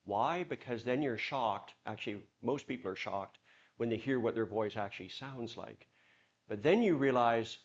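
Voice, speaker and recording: A man leading a church workshop, talking to the audience with lively examples. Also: medium pitch, moderate pace, lo-fi sound. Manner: animated, acts out examples in put-on voices. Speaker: workshop leader.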